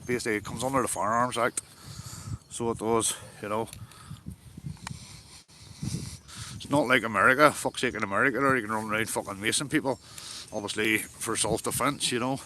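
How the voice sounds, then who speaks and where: A man's voice: mid-range voice, moderate pace, pauses often, sharp tone, a little hiss or hum. A man with a Northern Irish accent live-streaming outdoors while fishing, chatting casually, swearing often and answering his viewers' comments. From Northern Ireland.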